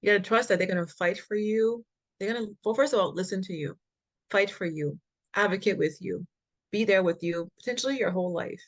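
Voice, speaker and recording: Here a woman guest, a patient advocate, recounts a blunt and energetic story, performing the conversation, chuckling freely and dropping punchy slang. Her pitch is medium and her delivery brisk.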